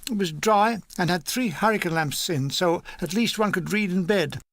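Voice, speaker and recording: A man with a high, bright voice reads a comic war memoir with dry, deadpan timing. The recording is close and dry, with no room sound. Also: normal speed, dry recording. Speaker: audiobook narrator.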